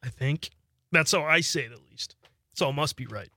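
A man's voice: medium pitch, a little fast, bright, forceful tone. A man co-hosts a casual radio talk show, answering in a laid-back way with short remarks and dry humor. He sits close to the mic, so the sound is dry, with no room echo. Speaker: radio co-host. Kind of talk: casual on-air chat.

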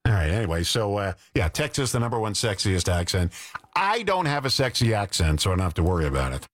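A man's voice: fairly low pitch, very animated, quick pace, no room sound. A man working as a radio DJ, chatting casually on air with joking asides between songs. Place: radio studio.

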